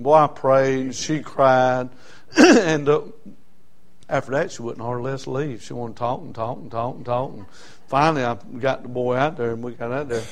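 A middle-aged man preaching a sermon. He tells homespun stories, often stops on "uh, uh" fillers, and builds up to loud emphasis. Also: medium pitch, normal speed.

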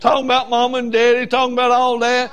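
A man preaching a sermon in a voice that sits high for a man. He tells folksy stories, building from soft asides to full shouts. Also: completely flat delivery, fast, clean tone.

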